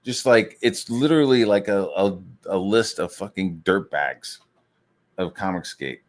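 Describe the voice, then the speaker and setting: A man with a fairly low voice rants casually into his mic, swearing constantly and rambling through one aside after another. His tone stays heated, and he acts out other people's lines as he tells the story. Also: measured pace. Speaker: show host. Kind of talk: casual ranting monologue.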